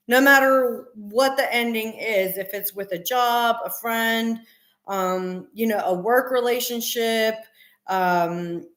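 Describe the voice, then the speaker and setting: Middle-aged woman, casual live-stream chat, unhurried, earnest, emphatic, fillers, roomy echo. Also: a little high, a bit bright.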